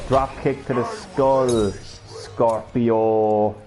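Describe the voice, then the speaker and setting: A young man giving excitable, profane, sarcastic commentary while streaming a fighting game. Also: on the low side, moderate pace. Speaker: gaming streamer. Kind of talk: live gameplay commentary. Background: game music.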